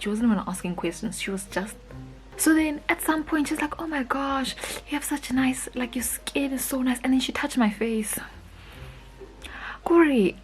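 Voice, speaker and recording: A young woman with a South African accent telling a storytime vlog in slangy, animated chat, acting out the other people's lines. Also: medium pitch, rough recording. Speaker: vlogger.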